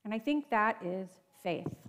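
A woman's voice: mid-range voice, animated, measured pace, fairly bright tone. A woman pastor preaches in a conversational, earnest tone, turning to her listeners with little asides. Her voice sits in a middle register. Long reverb from the church room trails behind her words. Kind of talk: sermon. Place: church sanctuary.

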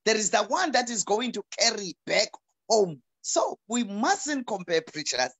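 A middle-aged South African pastor appears as a talk show guest over a video call, preaching emphatically and repeating words whenever she restarts. Her mid-range voice is a bit bright with a breathy edge, unhurried, and swings widely in pitch.

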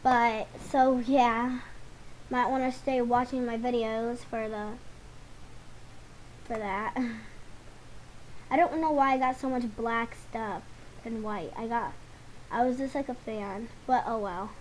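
High-pitched girl chatting to viewers while gaming, rambly and casual. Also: fairly even intonation, takes it slowly, long pauses, slight background noise, low-quality recording. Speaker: gaming channel host. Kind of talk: casual commentary over gameplay.

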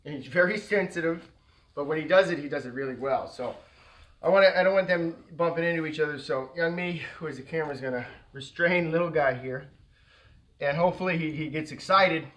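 A man's voice: a little fast, poor audio. A man who trains dogs, casually explaining his method indoors at home. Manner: relaxed and chatty, breaking into high baby talk with the dogs. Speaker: dog trainer. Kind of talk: casual instructional talk during a training session.

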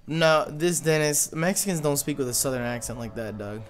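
A man gives casual let's play commentary, excitable and full of curses and slang. His voice sits fairly high. Loud game music plays beneath his talk. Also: moderate pace. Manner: swearing, calls everyone "dog", excitable. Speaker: gaming host.

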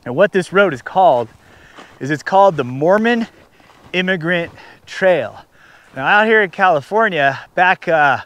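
A man's voice: on the high side, fairly bright tone, smooth, no room sound. A man chatting casually for a camping vlog outdoors in the snow, rambling and joking and talking to his dog, recorded on an action camera. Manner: rambling, talks to his dog, jokes to the viewers. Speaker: camping vlogger. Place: outdoors in snow at a camp spot.

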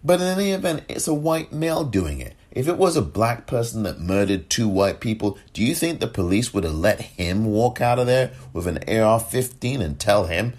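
Podcast host, male: deep and husky, impassioned and indignant, wide expressive swings. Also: normal speed, few pauses. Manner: mocking impersonations of others. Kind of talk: solo political commentary.

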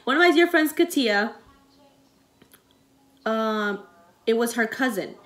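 A young woman talks straight to her audience in a rambling storytime vlog, full of fillers. Her voice sits a bit high, and she sounds close to tears as she recounts events. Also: expressive, slow pace, fairly bright tone. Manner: rambling and emotional, many fillers. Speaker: vlogger.

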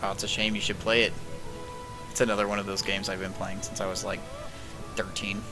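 A man's voice: sits low, level tone, a little fast, over music. A man in his twenties streaming a video game, chatting casually in a rambling, laid-back way with lots of fillers and the odd swear. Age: 20s. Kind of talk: casual chat while streaming.

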